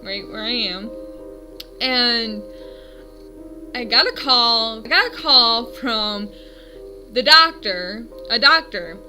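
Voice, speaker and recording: A woman in her twenties recounts her dreams at home in a loose, rambling way, often correcting herself mid-sentence. Her voice is strikingly bright and sits a little high. Soft music plays faintly underneath. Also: slow pace, pauses often, low-quality recording. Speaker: vlogger. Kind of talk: casual storytelling vlog.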